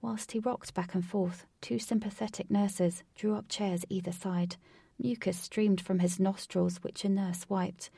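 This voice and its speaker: A woman narrating a storybook aloud in a steady, measured reading, recorded from a distance from the microphone. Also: mid-range voice, creaky, breathy edge, no echo. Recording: distant from the mic, dry.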